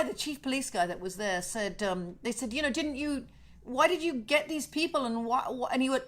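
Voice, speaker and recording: A middle-aged woman hosting a casual home livestream, telling a story in an indignant, sweary, animated way. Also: fairly high pitch. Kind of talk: casual chat to viewers.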